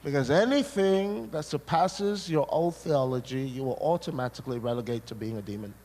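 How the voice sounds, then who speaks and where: A man from Scotland preaching a sermon, an animated storyteller who hammers points through repetition and tosses jokey asides to the crowd. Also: mid-range voice, brisk. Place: large hall at a church seminar. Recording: echoey hall, faint noise.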